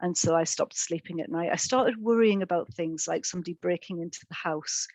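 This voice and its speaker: A middle-aged woman giving a personal testimony in a webinar, speaking in a halting way with frequent ums and repeated words. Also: lowish voice, darkish tone, no echo, poor audio. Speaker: speaker sharing lived experience in a webinar.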